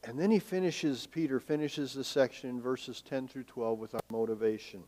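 A male pastor preaching a sermon in a church sanctuary. He asks rhetorical questions and swings between emphatic and hushed delivery. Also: mid-range voice, fairly even intonation, moderate pace. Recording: long reverb of a large hall.

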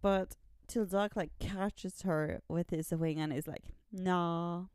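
A woman on a podcast walks through a story at a slow, easy pace, often saying "like". Her voice is clean and smooth, and the close recording is dry. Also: lowish voice, mellow, no echo. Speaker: podcast co-host. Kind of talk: casual chat about a comic series.

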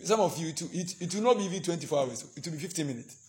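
Animated pastor preaching on marriage. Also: male voice, fairly high pitch, racing. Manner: acts out couple arguments, animated, prays in tongues. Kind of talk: sermon.

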